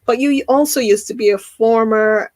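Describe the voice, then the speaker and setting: A woman hosting an interview, asking her guest questions in a gentle, halting way. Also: fairly high pitch. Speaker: podcast host.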